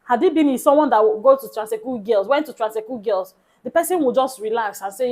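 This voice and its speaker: Animated Nigerian woman telling a story. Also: on the high side, fairly quick, low-quality recording. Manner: animated, swings into soft hushed tones. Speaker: vlogger. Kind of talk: casual storytelling.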